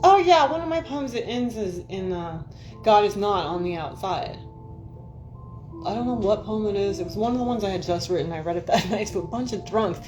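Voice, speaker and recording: A woman's voice: medium pitch, a little fast, a little mellow, soft background music. A woman hosting a casual livestream, telling rambling stories, swearing freely and talking to her viewers by name. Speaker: livestream host. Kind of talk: casual livestream chat and storytelling.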